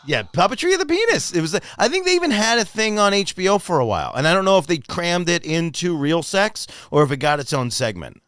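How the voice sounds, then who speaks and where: Chatty guy hosting a podcast, high-ish voice that jumps all over, laughs a lot, dry close sound. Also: fairly quick, few pauses, clean tone, dry recording. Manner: animated, playful, laughs often. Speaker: podcast host. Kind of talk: casual chat.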